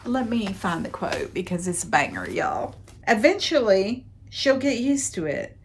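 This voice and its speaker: A woman talks through a romance novel's plot at an unhurried pace, pausing to drop sarcastic asides. Her voice sits at an ordinary middle pitch, and she leans hard on the words she finds absurd. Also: big pitch swings, slight background noise. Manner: wry, sarcastic asides, dramatic emphasis. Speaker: book reviewer and podcast host. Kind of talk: sarcastic book recap.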